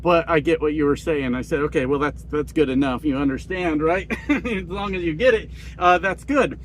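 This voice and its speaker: A man's voice: a little high, normal speed, a little hiss or hum. A middle-aged man, a truck driver, telling stories in a rambling, profane, casual way. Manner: profane, rambling, acts out quoted people in a raised voice. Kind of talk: casual storytelling monologue.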